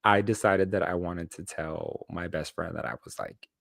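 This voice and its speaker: Lower-voiced man telling a candid story. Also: steady tone, moderate pace, creaky, fairly bright tone, dry recording, clean studio sound. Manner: personal, candid, heavy use of "like" and "um". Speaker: podcast co-host. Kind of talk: casual storytelling chat.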